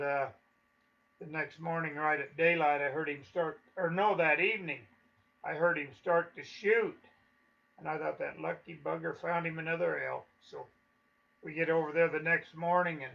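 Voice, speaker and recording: A man's voice: on the high side, vocal fry, sharp tone, highs cut off. An older man telling stories from his life in a folksy, chuckling way. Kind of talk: casual spoken reminiscence.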